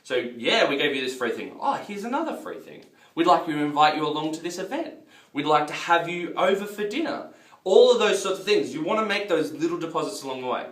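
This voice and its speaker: Male business coach, loose and chatty, slightly high voice, recorded far off in a roomy space. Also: animated, fairly quick, fairly bright tone. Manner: chatty, loose, repeats himself, addresses viewers as guys. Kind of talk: casual marketing lesson to camera.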